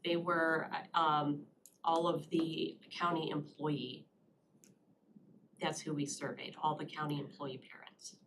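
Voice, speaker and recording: Low-voiced woman answering board questions. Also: little pitch movement. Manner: measured, explanatory, with filler pauses. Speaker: county staff presenter. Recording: noisy public meeting room.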